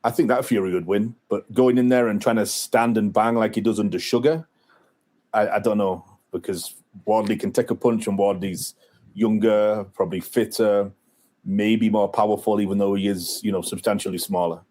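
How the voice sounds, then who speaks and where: Male podcast co-host, low voice, loose rambling boxing talk, lots of "like" and "you know". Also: steady tone, moderate pace, darkish tone. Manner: rambling, many fillers and restarts. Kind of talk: casual boxing chat.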